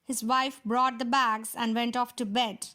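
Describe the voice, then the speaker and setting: A woman reading a fairy tale aloud for children in a steady storytelling manner. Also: a little high, unhurried.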